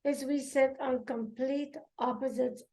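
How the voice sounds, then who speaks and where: High-voiced woman with dry retorts. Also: fairly even intonation, unhurried, a little mellow. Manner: dry, needling. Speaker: podcast host. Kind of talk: casual podcast chat.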